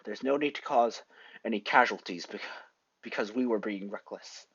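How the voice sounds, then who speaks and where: A man doing a slow formal big man. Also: fairly low pitch, a bit bright, husky, no room sound, highs cut off, pitched below the performer's own voice. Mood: solemn. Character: calm, formal, bulky grown man.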